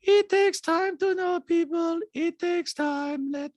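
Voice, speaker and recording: A man voicing an eerie, detached woman who speaks slowly with no inflection, as a parody impression of a reality-show cast member. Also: very high voice, no echo, pitched above the performer's own voice. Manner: slow, drawn-out, emotionless delivery.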